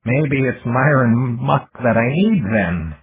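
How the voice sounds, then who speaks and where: A man voicing a young, curious male computer intelligence who asks slow, childlike questions. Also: mid-range voice, animated, breathy edge, voice pushed up, heavily acted. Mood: musing. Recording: tinny lo-fi audiobook recording.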